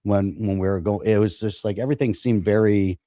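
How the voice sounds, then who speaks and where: Mellow low man chatting. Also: fairly even intonation, a little fast, no room sound, studio quality. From United States. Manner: conversational, asks questions, brief agreements. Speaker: co-host. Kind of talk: casual chat.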